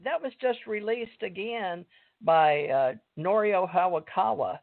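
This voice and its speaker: A man with a Southern mountain Kentucky accent hosts a loose phone chat, cutting in with questions. His voice is high for a man. The line is thin, tinny and dry. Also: expressive, unhurried, gravelly, dry recording. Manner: chatty, jumps in with questions. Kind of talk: casual phone conversation.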